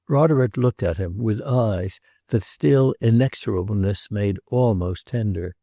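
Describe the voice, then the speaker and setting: A man narrating a classic novel as an audiobook, in a measured, even literary reading. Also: fairly low pitch, creaky, no room sound, studio quality.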